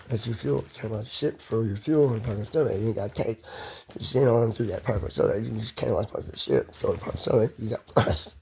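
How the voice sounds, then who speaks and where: A man's voice: medium pitch, creaky, mellow, a little hiss or hum. Man, ordinary mid-range voice, rambling profane solo monologue. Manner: loose, profane, stream-of-consciousness musing. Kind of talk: rambling self-recorded monologue.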